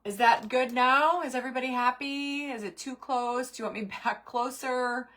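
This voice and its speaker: This middle-aged craft streamer talks to viewers by name and mutters to herself in moments of concentration. Her voice sits high and a bit bright, moving at a moderate pace, recorded on a camera mic at the desk.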